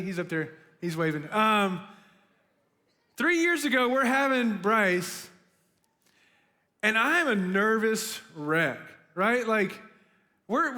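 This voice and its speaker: A young man giving a casual, chatty sermon to students, full of "like" and "right?", as a youth pastor. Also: high voice. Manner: chatty and animated, lots of "like" and "right?". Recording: long hall reverb.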